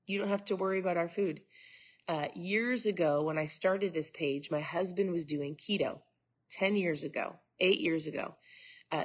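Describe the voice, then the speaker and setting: A woman's voice: on the low side, husky. A middle-aged woman from Minnesota hosting a casual live stream, chatting with viewers, greeting them by name and wandering into asides, with a stuffed-up nose. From Minnesota, USA. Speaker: host.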